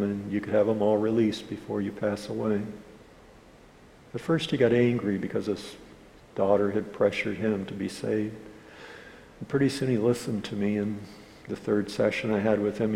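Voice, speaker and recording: A male pastor with a low, dark, gravelly voice, preaching a sermon in which he tells an earnest story. His voice rings in a church hall with a long reverb and faint room noise. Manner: earnest storytelling, quoting others in dialogue.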